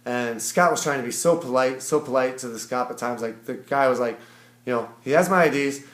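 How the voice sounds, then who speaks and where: A man's voice: mid-range voice, brisk, fairly bright tone, echoey room. A man from Ohio casually recapping a hitchhiking trip for his video channel, rambling with lots of fillers and acting out what others said. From Ohio, USA. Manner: rambling, filler-heavy, quotes people as he tells it. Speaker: vlogger.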